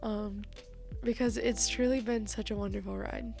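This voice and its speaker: A young woman with a deeply gravelly, fry-heavy voice speaks a heartfelt tribute to her best friend. She is teary and laughs through her words, swearing casually. Soft music plays faintly behind her. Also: fairly even intonation, normal speed. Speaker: co-host.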